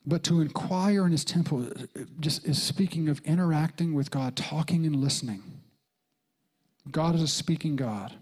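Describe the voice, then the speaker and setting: A middle-aged man preaching a sermon as a pastor, telling a story with lively jumps in pitch and soft whispered quotes. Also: normal speed, breathy edge.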